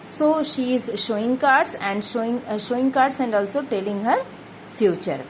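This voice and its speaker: A woman's voice: on the high side, expressive, moderate pace, a little hiss or hum, low-quality recording. A woman teacher walks students through a play's characters, glossing each hard word and repeating herself as she goes. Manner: explains hard words one by one, repeats herself. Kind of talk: explaining a play to students.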